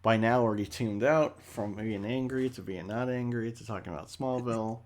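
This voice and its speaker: A man's voice: fairly low pitch, moderate pace. A man co-hosting a podcast in casual chat, rambling, joking and swearing freely. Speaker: podcast co-host.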